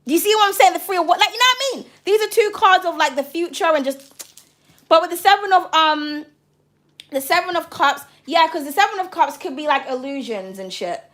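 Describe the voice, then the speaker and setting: Excitable high-voiced woman reading tarot. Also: a little fast. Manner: bubbly and excitable, swears casually, calls viewers darling. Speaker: tarot reader on a livestream. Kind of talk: casual livestream reading.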